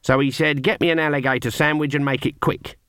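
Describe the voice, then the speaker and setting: A man's voice: on the high side, steady tone, fairly quick, fairly bright tone, smooth, dry recording, clean studio sound, lightly acted. A man voicing a stern, proud old witch woman who speaks haughtily and solemnly. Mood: haughty.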